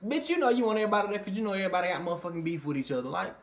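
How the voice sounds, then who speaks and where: Profane, animated reality-TV recapper. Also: racing. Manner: animated, swears constantly, fillers like "you know what I mean"; jumps into high squealing impressions of others. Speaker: TV show reviewer. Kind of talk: casual profane recap vlog.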